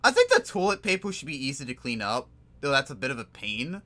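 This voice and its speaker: A young man giving casual, excitable commentary while playing a game, swearing freely and rambling off on tangents. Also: mid-range voice, fairly quick. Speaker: gamer. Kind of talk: casual let's play commentary.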